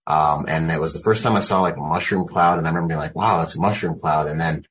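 Deep-voiced Marine veteran telling war stories. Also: male voice, quick pace, slight background noise. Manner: animated storyteller, peppers speech with "man" and "you know". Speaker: guest, Marine combat veteran. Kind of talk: casual storytelling on a video call.

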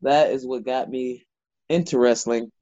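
A man's voice: medium pitch, measured pace, no echo. Chatty man, slightly muffled. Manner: animated storyteller, lots of "like" fillers. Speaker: wrestler guest. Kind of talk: casual interview chat.

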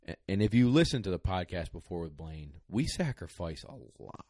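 A man's voice: sits low, fairly quick, hardly any pauses, dry recording. A young man, a dog trainer, casually telling a podcast story in a rambling, emotional way with lots of fillers. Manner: rambling, excited, many fillers.

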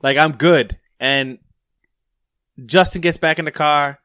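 A man's voice: a little high, fairly even intonation, slow, pushed and bright, clear, resonant tone, no room sound, clean studio sound. A young adult man telling a story in casual, profane podcast talk. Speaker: podcast host.

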